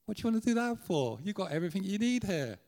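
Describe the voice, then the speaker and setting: An Irish man voicing a pampered zoo lion who cannot believe what he hears, speaking high and loud. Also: big pitch swings, fast, long reverb tail. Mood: incredulous. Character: incredulous male zoo lion, pampered and bossy.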